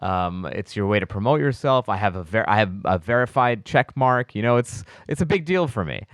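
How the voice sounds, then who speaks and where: A comedian telling a story in casual podcast chat, acting out the other people's voices with big jumps in pitch. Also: male voice, expressive, a little fast, clean tone, no room sound. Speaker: comedian guest.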